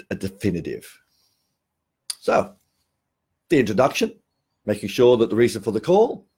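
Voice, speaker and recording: A middle-aged Australian man delivers a sales training talk about phone calls, speaking emphatically, repeating key phrases, and often restarting his sentences. His voice is medium in pitch, with a darkish tone and a breathy edge.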